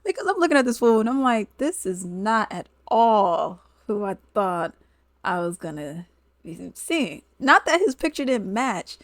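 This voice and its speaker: A woman vlogger chatting casually through a storytime, animated and quick to laugh. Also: mid-range voice, no echo, studio quality.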